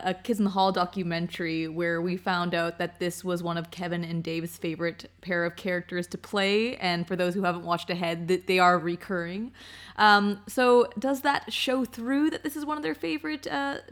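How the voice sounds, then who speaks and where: A woman hosts a podcast in casual chat with a mid-pitched voice. She steers the talk from segment to segment and puts questions to her co-hosts, filling her speech with "like". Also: moderate pace. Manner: leads segments, asks questions, uses "like" a lot. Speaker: podcast host.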